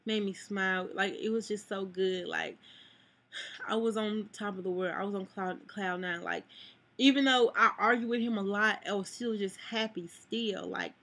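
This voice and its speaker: A young woman pours her heart out to her camera in a bright, clear voice. She rambles, loops back on herself and leans on "like" as she talks. At times she is close to tears. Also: mid-range voice, normal speed. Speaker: vlogger. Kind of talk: emotional personal vlog talk. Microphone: camera mic.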